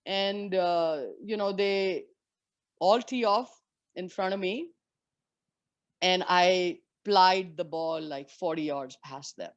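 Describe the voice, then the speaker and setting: A woman in her forties from India, a former professional golfer, telling lively and candid stories as an interview guest. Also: lowish voice, takes it slowly, dry recording, muffled recording. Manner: lively, candid anecdotes with frank swearing. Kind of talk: storytelling in a conversation.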